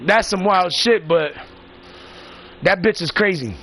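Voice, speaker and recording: High-voiced man on a profane rant. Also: animated, slow, pauses often, sharp tone, a little hiss or hum. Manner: profane, rambling, emphatic. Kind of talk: casual storytelling rant.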